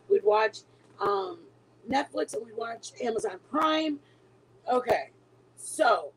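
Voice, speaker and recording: A woman's voice: high voice, a little hiss or hum, rough recording. A middle-aged woman chatting casually with her viewers, telling a long story with many restarts and trailing thoughts. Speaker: livestream host.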